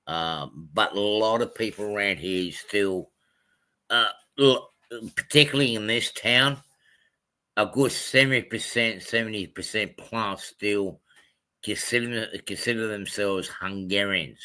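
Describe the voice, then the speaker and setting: Bright-toned low-voiced Australian man. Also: a little slow. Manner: rambling, self-correcting, many ums. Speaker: livestream host. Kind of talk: casual livestream chat.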